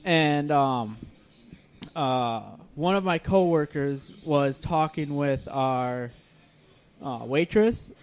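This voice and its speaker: A man's voice: fairly high pitch, slow, clear, resonant tone. A young man in casual chat, talking loosely with many fillers and acting out other people's lines when he tells a story. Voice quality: laid-back, lots of fillers, acts out voices in stories.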